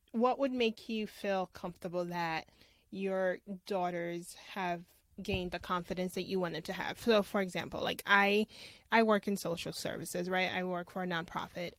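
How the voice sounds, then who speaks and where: A woman's voice: medium pitch, no room sound. Dry, close woman podcast host. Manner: reflective, repeats words for emphasis. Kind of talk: casual interview chat.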